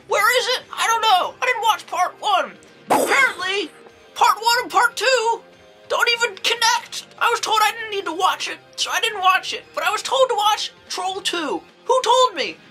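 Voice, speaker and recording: A woman's voice: very high voice, lively intonation, measured pace, pushed and bright, faint music behind, exaggerated voice, rough recording. A woman playing an eccentric, creepy old nun who rambles through a folksy, exclamatory movie review as a comedy monologue. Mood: rambling. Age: older.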